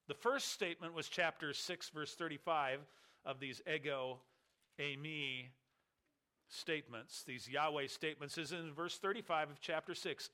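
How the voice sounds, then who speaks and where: A man's voice: a little high, measured pace, bright, forceful tone. A man preaching an expository sermon in church, teaching with emphasis and repeating key words for weight. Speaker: pastor.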